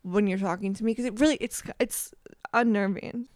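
A woman in relaxed podcast banter, quick to laugh and tease, drifting through loose rambling thoughts. Her voice is mid-pitched and recorded close and dry, with no room sound around it. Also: no room sound. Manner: laughs easily, teasing, rambling. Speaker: podcast co-host. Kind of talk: casual chat.

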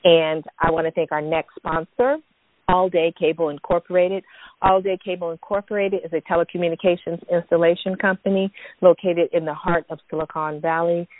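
Low-voiced woman hosting on a tinny line. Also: level tone, fairly quick, no echo. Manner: enthusiastic, reads sponsor messages with fillers. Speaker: host. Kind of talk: casual podcast talk. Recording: tinny phone-like sound.

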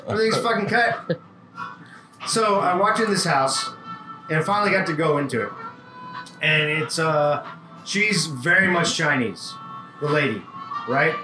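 A man telling a work story in a casual chat, animated and swearing freely. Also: a little high. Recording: roomy sound with music behind.

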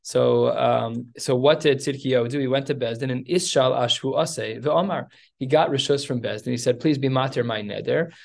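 A man leading a text study class, telling the story with animated asides. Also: mid-range voice, normal speed, gravelly.

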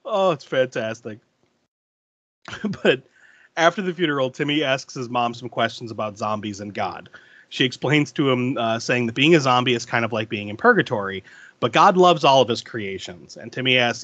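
A man's voice: mid-range voice, moderate pace, no room sound. A man co-hosting a podcast, recapping a film scene by scene in casual chat and laughing often. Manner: laughs often, lively storytelling with restarts.

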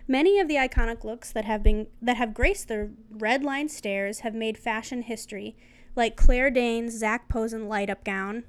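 A young woman with a smooth, clear voice that sits a little high, chatting as a co-host. She reads prepared notes aloud and breaks off into giggly asides. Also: moderate pace. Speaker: podcast co-host. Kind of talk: casual chat, reading notes aloud.

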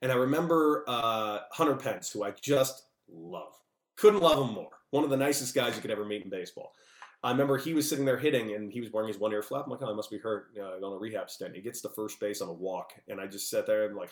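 A man, a former baseball player, telling lively stories as a podcast guest over a remote call. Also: medium pitch, fast talker, echoey room. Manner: animated, lively storyteller with big outbursts. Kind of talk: casual storytelling.

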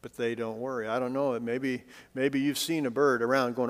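A male pastor giving a sermon in a conversational way with light humor, swinging between emphatic lines and hushed, soft ones. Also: mid-range voice, little pitch movement, normal speed. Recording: long reverb, as in a hall.

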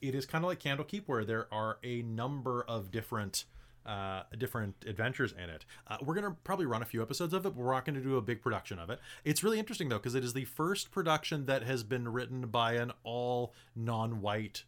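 A man's voice: mid-range voice, expressive, quick pace, fairly bright tone. Man hosting a chatty post-game stream. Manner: chatty, loose and joking. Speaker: game master and host.

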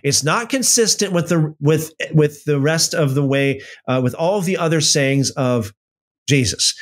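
A man giving informal Bible teaching in an emphatic, animated way, often restarting and using fillers. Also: fairly high pitch.

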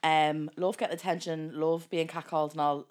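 A woman's voice: deep voice, flat delivery, a little fast. A woman, co-hosting a podcast and telling blunt, sweary, laughing stories in casual chat. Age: 20s. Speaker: podcast co-host.

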